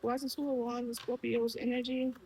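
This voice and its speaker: A woman's voice: a little high, level tone, a little fast, warm tone, slight background noise, poor audio. A woman with a Brooklyn accent giving a casual tarot reading, talking straight to the viewer and asking the cards questions aloud. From Brooklyn, New York. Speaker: tarot reader.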